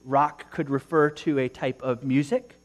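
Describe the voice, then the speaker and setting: Male pastor, animated sermon delivery with rhetorical questions, mid-pitched voice, faint mains hum under the recording. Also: unhurried.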